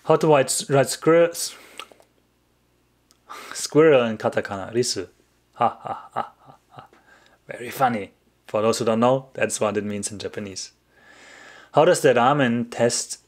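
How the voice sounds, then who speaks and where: A man speaks English as he hosts a casual livestream and answers questions from chat. He rambles, breaks off his own sentences and laughs often, at a middling pitch for a man. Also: normal speed, pauses often.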